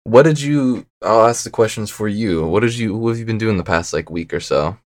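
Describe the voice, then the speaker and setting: A man's voice: on the low side, animated, brisk, no echo, studio quality. A young man chatting casually as a podcast guest, laid-back and a bit mumbly, laughing often. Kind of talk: casual chat.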